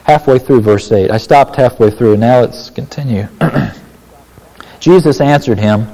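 A man preaching a sermon, animated and emphatic, with casual asides to the congregation. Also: medium pitch, slow, long reverb tail, low-quality recording. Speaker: pastor.

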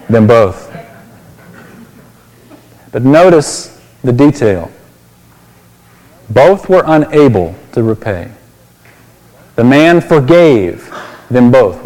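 A man's voice: medium pitch, darkish tone, in a large hall, low-quality recording. A pastor preaching a sermon, explaining a Bible passage and asking his listeners questions.

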